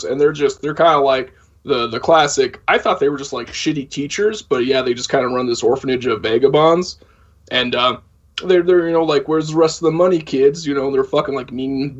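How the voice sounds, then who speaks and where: Podcast co-host, man, husky voice, sweary rambling recap, dull lo-fi audio. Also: medium pitch. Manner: profane, rambling plot recap. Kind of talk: casual film discussion.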